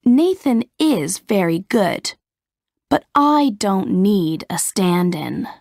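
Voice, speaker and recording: A woman's voice: mid-range voice, animated, slow pace, creaky, a little mellow, no echo, clean studio sound. A woman voicing a young film actress who politely pleads to do her own stunts. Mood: earnest.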